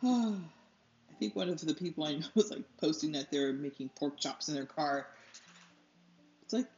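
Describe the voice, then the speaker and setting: A woman's voice: low-pitched, fairly even intonation, a little slow, a little mellow. A woman chats casually as she paints, drifting from one thought to the next and laughing at herself when she loses track. The room sounds roomy and the audio a bit dull, with faint music underneath. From United States. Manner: rambling, loses her train of thought, laughs often. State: allergies. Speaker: artist and channel host. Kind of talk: casual chat while painting.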